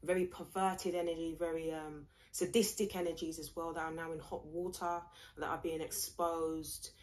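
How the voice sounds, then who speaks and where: A woman's voice: deep voice, flat delivery, normal speed, a little mellow. Blunt rambling woman reading tarot. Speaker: tarot reader. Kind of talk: casual tarot reading vlog.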